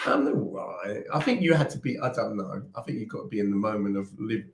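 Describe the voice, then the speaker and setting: A man's voice: on the low side, lively intonation, fast talker, creaky. Affectionate man in an echoey room. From England. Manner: affectionate, greets viewers as darling. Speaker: co-host of a spiritual livestream. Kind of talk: casual livestream chat.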